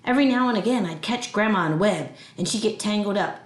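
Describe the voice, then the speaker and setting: Expressive woman reading a storybook. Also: mid-range voice, quick pace, roomy sound. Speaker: audiobook reader. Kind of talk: reading a children's novel aloud.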